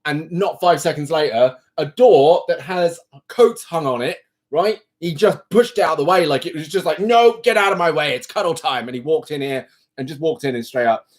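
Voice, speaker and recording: A man's voice: a little high, normal speed, darkish tone. A British man hosting a casual live stream from his computer at home, chatting in a rambling, self-deprecating way. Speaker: livestream host. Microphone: computer mic.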